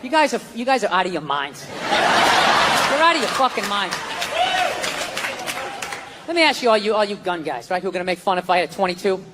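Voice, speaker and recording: A middle-aged man doing a stand-up rant, profane and exasperated, often shouting. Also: high-pitched, lively intonation, brisk, long pauses, very noisy. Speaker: stand-up comedian. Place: large theater on stage. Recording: live show, roomy echo, loud crowd laughter. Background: audience laughter.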